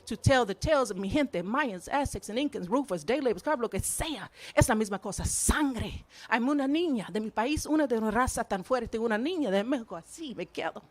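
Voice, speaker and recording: Woman slam poet, rapid rhythmic spoken word, higher voice, English and Spanish lines. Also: lively intonation. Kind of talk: spoken word poetry performance.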